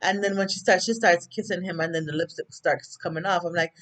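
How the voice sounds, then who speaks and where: A woman's voice: lowish voice, steady tone, brisk, fairly bright tone. A woman with a Jamaican accent, casually recapping a TV episode, chatty and prone to tangents, acting out the characters' lines. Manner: chatty, rambling, goes off on tangents; acts out characters' lines while retelling. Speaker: TV recap vlogger.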